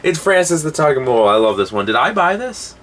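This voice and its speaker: A man's voice: fairly high pitch, big pitch swings, fast talker, a bit bright. A man co-hosting a casual movie chat, tossing out short jokey quips and banter. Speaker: co-host of a movie collection show.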